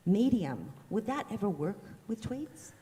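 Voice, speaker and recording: A woman's voice: mid-range voice, sing-song, a little slow, dark tone. A woman moderator leading an onstage conversation in a chatty, conversational way before an audience in a large auditorium. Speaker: event moderator. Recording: long reverb of a large hall.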